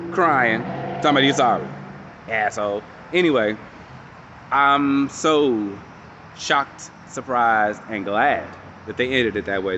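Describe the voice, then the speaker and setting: With a faint hiss or hum in the audio, a mid-range male voice gives a casual recap and review of a show episode. He's lively and storytelling, voicing characters' lines and swearing freely.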